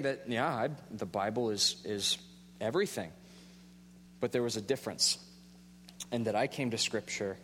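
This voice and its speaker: A man in his thirties, a pastor, preaching a sermon in a relaxed storytelling way with self-deprecating humor. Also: fairly low pitch, big-room sound, a little hiss or hum.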